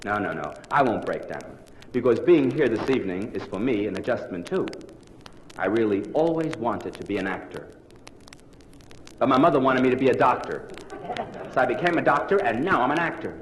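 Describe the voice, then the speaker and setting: Man in his forties, comic lecture, theatrical, lively pitch, echoey live hall, faint vinyl hiss. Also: fairly quick. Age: 40s. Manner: theatrical, punchline-driven. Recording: roomy live hall on early 1960s vinyl. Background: audience laughter.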